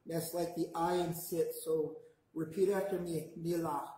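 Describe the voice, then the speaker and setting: A man teaching a language class, patiently modelling words slowly for the class to repeat back. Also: a little high, steady tone, dark tone. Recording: very echoey classroom.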